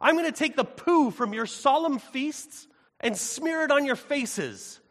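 A preacher acting out an angry, indignant God with loud, drawn-out outrage in a reverberant hall. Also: male voice, sits high, expressive, voice pushed up, exaggerated voice. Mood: furious. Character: furious booming God, wrathful and indignant.

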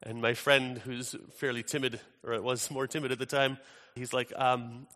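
Earnest pastor, bright voice. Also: male voice, medium pitch, moderate pace. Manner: earnest, conversational, animated when telling a story. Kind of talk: sermon with prayer and storytelling. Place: large church hall. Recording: reverberant hall sound.

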